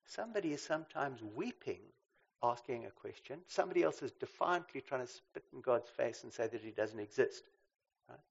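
A man delivers a sermon in a mid-range voice. He pushes hard on key points, then drops to a near hush, and keeps checking in with his listeners. The recording sounds slightly muffled and lo-fi. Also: medium pitch, vocal fry, husky. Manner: animated, swings between loud emphasis and quiet asides, asks "right?" often. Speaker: preacher.

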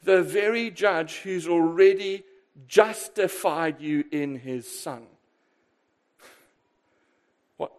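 A male pastor preaching a sermon, emphatic and lively, asking rhetorical questions and swinging between loud bursts and quiet asides. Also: sits high.

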